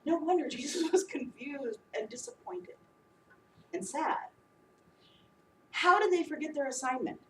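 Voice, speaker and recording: A woman preacher giving a sermon, animated and humorous as she acts out the disciples. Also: sits high, a little slow, pauses often, a little hiss or hum. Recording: echoey room, voice from a distance.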